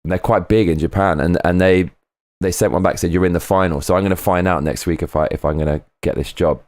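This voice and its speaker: A man hosting a casual live stream, chatting loosely and reading viewer comments aloud between tangents. His voice sits a bit low, he swears freely, and the sound is dry and close to the mic. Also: quick pace, a little mellow, dry recording.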